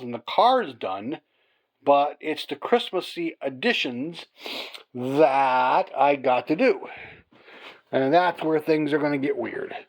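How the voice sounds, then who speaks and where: A man hosting a casual hobby vlog from home at night, tired and rambling, full of fillers and restarts as he talks to a phone camera. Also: on the high side. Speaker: hobby channel host. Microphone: phone camera on a mount.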